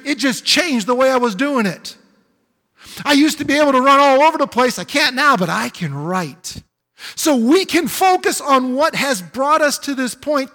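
A man's voice: extremely high pitch, bright, forceful tone, in a large hall. A man pastor preaching a sermon, building to emphatic exclamations. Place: church sanctuary.

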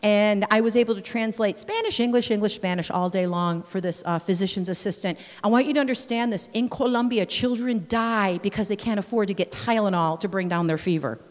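Speaking at a brisk clip with hardly any pauses, this medium-pitched woman is a missionary delivering a story-packed sermon. She's a lively storyteller who acts out scenes and bursts into praise, her voice trailing off into the long echo of a big church sanctuary.

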